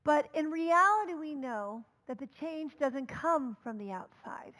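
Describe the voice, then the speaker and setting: A woman minister giving a storytelling sermon, conversational, moving between loud calls and soft near-whispers. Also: sits high, expressive, slow, low-quality recording. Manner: conversational, with fillers and asides.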